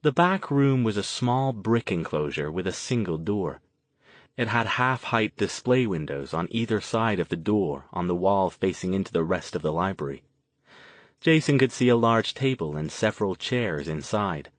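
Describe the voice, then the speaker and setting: A man narrating an audiobook in a steady, even storytelling manner. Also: sits low, moderate pace, no room sound. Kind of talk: scripted narration.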